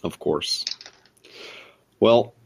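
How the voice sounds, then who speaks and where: A man playing a tabletop role-playing game, talking wryly with dry humor. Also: extremely slow. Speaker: player. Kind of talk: in-character tabletop role-play.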